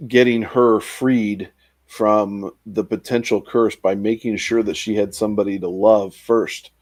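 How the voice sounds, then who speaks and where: A man's voice: on the low side, fairly even intonation, unhurried, darkish tone, dry recording. A man in casual book-discussion chat, recapping the plot with fillers and quoted dialogue.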